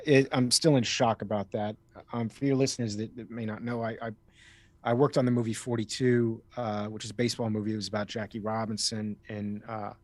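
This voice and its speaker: A fairly low-pitched male voice, captured with no room sound, belongs to a guest actor from Miami with a slight East Coast accent. He tells stories chattily in a casual interview, rambling and often restarting.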